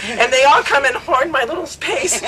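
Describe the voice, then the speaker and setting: A woman casually telling a self-mocking story to friends in a lively way. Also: high-pitched, moderate pace, a crowd in the background, low-quality recording. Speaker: devotee sharing memories.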